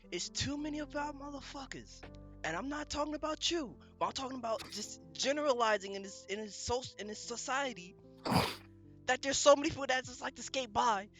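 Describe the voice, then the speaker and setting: A man's voice: very high-pitched, a bit bright. A man co-hosting a podcast, talking emphatically in casual motivational chat with lots of swearing. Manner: emphatic, heavy swearing, preachy. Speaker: podcast co-host.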